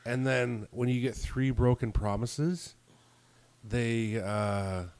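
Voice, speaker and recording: A man's voice: mid-range voice, takes it slowly, darkish tone, smooth, dry recording. A man on a podcast, telling a story in casual chat, acting out both sides of phone calls and swearing freely. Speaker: podcast co-host.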